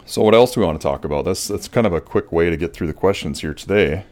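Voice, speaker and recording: A man's voice: low voice, fast talker, soft background music. A man hosting a solo podcast in casual, rambling talk with many fillers, in a voice he says people find soothing. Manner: relaxed, rambling, with frequent fillers and restarts. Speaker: podcast host.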